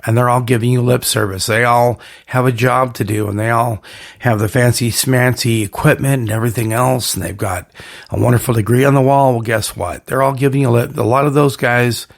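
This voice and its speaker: A man's voice: mid-range voice, creaky. A man hosting his own podcast alone, rambling through strings of hype catchphrases and pleas to his listeners. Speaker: podcast host. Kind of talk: solo podcast monologue.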